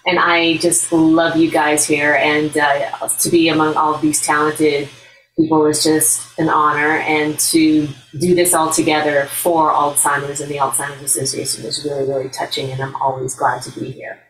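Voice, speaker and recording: A woman's voice: low voice, level tone, normal speed, reverberant, recorded from a distance, slight background noise, poor audio. A woman, an actress and voice actor, chatting casually and upbeat about her projects on a video call. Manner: warm, upbeat, a little rambling. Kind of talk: casual panel chat.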